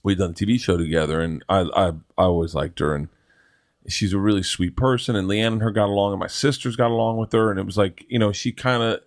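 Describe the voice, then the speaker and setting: A man's voice: lowish voice, steady tone, quick pace, dry recording, clean studio sound. A middle-aged man, a guest comedian, telling rambling, laughing, profane anecdotes in casual chat. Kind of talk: casual storytelling.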